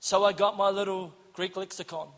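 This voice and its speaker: A man preaching a sermon, telling a story and acting out the dialogue, shouting at the high points. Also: fairly quick, in a large hall. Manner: animated, acts out dialogue, shouts for emphasis.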